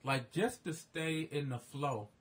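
Man giving measured advice. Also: on the high side. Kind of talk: casual roundtable chat.

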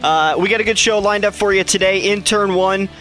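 A man's voice: high-pitched, steady tone, fairly quick, pushed and bright, faint music behind. A young man hosting a radio racing talk show, chatting casually in a rambling, jokey way with plenty of fillers.

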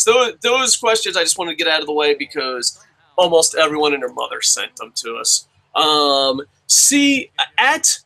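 A young man hosts a podcast, reading out listener comments while chatting casually and profanely. His voice is on the high side, he comes across as rambling and excitable, and the recording is rough.

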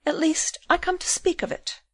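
A woman's voice: very high-pitched, normal speed, fairly bright tone, no echo, pitched above the performer's own voice. A woman reading an audiobook, voicing an earnest, anxious young woman who pleads and insists.

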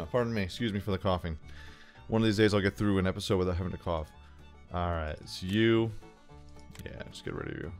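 A man casually commenting on a farming game as he plays, chatting to himself and the game with jokey asides. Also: on the low side. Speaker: gameplay commentator.

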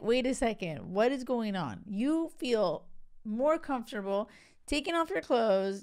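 A woman's voice: medium pitch, clear, resonant tone. A woman hosting a solo podcast as a relationship coach, talking frankly and conversationally and often acting out quoted self-talk.

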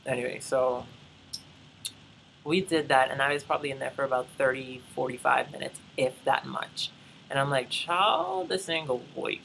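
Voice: medium pitch, little pitch movement, moderate pace, vocal fry, a bit bright, slight background noise, low-quality recording. A young adult from the Bahamas, telling a rambling, chatty travel story and talking straight to viewers. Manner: chatty, addresses viewers as y'all, rambling asides. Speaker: vlogger. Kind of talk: casual travel vlog storytelling.

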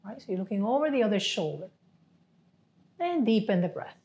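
A woman yoga therapy instructor leading a seated class with gentle step-by-step cues, often checking in with "right?". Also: mid-range voice, very animated, brisk, highs cut off.

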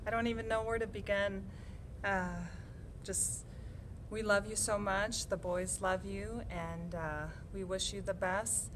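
A woman's voice: medium pitch, little pitch movement, unhurried, background noise. Emotional woman holding back tears. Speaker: coworker giving a farewell message. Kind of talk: recorded farewell message.

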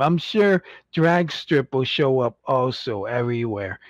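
A man hosting a casual toy-collecting livestream, rambling and joking, and mocking impatient fans in squeaky put-on voices. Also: expressive, unhurried, no echo, muffled recording. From United States.

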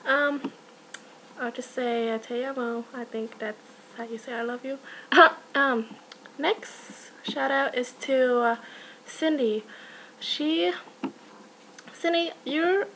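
A young woman giving rambling, giggly shout-outs in a casual vlog, full of fillers. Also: a little high, slight background noise, poor audio. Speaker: vlogger.

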